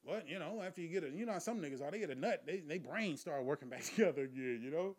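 A man's voice: fairly high pitch, expressive, fast, darkish tone. A man telling a crude, profane story in a loose conversational monologue, laughing often.

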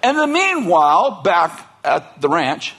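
A man delivers a sermon as loose, comic storytelling, full of asides, restarts and frequent laughter. His voice sits high for a man and is husky. Its pitch swings widely as he plays up the tale. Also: measured pace. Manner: animated, joking, laughs often between lines. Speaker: pastor.

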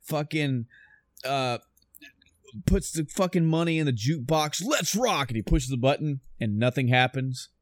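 A man's voice: mid-range voice, moderate pace, no room sound, clean studio sound. A man talking casually about a video game, swearing often and rambling with enthusiasm. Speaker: podcast host reviewing a video game. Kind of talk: casual chat.

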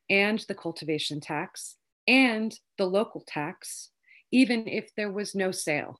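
A woman, a lawyer and advocate, talking quickly in a casual interview, rambling with many ums and you-knows. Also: lowish voice. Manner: fast, rambling, many fillers.

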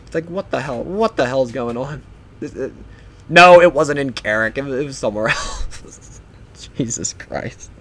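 A man's voice: mid-range voice, bright, forceful tone, slight background noise. Rambling, foul-mouthed young male podcaster. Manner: rambling, profane, offhand. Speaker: podcast host.

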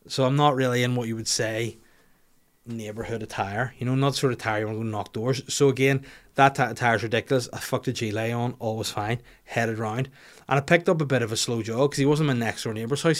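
A man with a Northern Irish accent, hosting a podcast and telling an animated, sweary, self-mocking story in casual chat. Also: mid-range voice, brisk.

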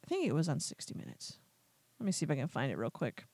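Woman, political commentary host, sarcastic, incredulous, lively swooping pitch, dry close sound. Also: fast, breathy edge, no room sound. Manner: quotes others in animated retellings. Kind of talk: opinionated news commentary.

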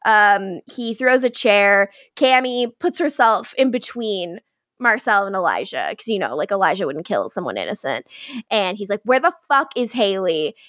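A woman co-hosting a podcast, casually recapping episode scenes and acting out the characters' lines with quick playful voices and frequent laughter. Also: medium pitch, lively intonation, fairly bright tone, no echo, clean studio sound. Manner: lots of "like" fillers, laughing. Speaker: podcast co-host.

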